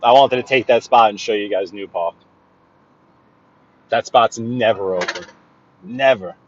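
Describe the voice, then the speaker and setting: A man's voice: on the low side, a little slow, highs cut off, a little hiss or hum. A man giving casual running commentary while he drives, chatty, laughing at his own stories and repeating phrases, recorded on a phone inside a car. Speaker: vlogger driving through his neighborhood. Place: inside a car on city streets.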